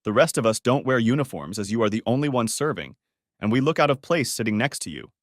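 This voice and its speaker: A man's voice: mid-range voice, animated, fast, no echo, clean studio sound, lightly acted. A man voicing a good-humored company boss who lightly chides an employee. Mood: chiding. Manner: light chiding.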